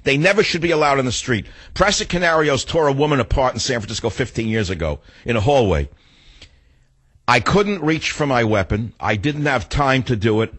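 Blunt new guy ranting through a story, husky voice, dry close sound. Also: mid-range voice, animated, a little fast, a bit bright, no room sound. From New York. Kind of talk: opinionated storytelling monologue.

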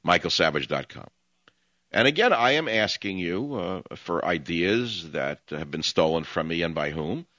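A man's voice: deep voice, lively intonation, moderate pace, sharp tone, no room sound, highs cut off. A man hosting a call-in talk radio show, ranting combatively at his callers in long monologues. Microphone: studio mic.

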